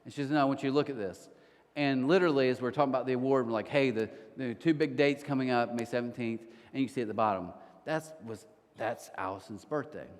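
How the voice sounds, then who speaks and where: A man preaching a sermon as pastor, telling stories in a conversational, animated way with quick restarts. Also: mid-range voice. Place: church auditorium. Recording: church hall reverb.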